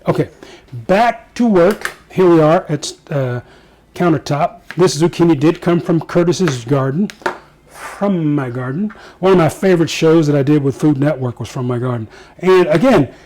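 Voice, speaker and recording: A man's voice: fairly high pitch, dark tone, a little hiss or hum. A man hosting a casual home cooking show, chatting to viewers and joking at himself as he cooks in his kitchen.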